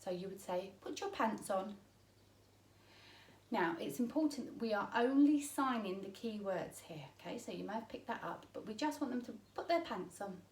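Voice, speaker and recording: A woman teaching parents basic home signs, explaining each one patiently and often checking in with "okay?". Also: mid-range voice. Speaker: sign language teacher. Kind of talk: instructional demonstration for parents. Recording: roomy echo, mic at a distance.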